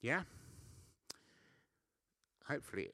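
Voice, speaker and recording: Speaking slowly with a bright, forceful tone, a male preacher gives a conversational sermon in church, poking fun at himself and often checking in with a "yeah?" The recording is clean studio sound with no echo.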